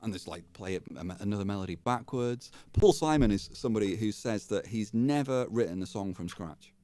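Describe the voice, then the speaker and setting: A middle-aged man talks in a fairly low voice. His speech is loose and rambling, full of jokes and enthusiasm. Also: animated, brisk, mellow, no room sound. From England. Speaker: guest guitarist. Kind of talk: casual interview chat.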